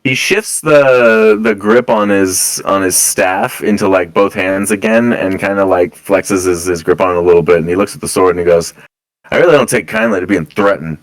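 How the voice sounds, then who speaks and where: A man narrating a tabletop game as its game master. He talks in a loose, halting way, full of fillers, in a slightly low voice. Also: steady tone, rough recording. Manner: casual, halting, many fillers and laughs.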